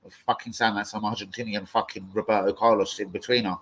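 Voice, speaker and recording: A man hosting a fan live stream, answering viewer comments in foul-mouthed, rambling, excitable rants. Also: fairly low pitch, fast talker, slightly rough, rough recording. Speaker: football fan channel host.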